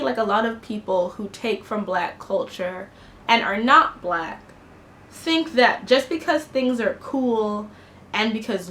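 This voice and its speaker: A woman's voice: mid-range voice, a bit bright. A woman giving an impassioned, blunt film review, talking indignantly in a casual, opinionated way. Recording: echoey room with faint noise.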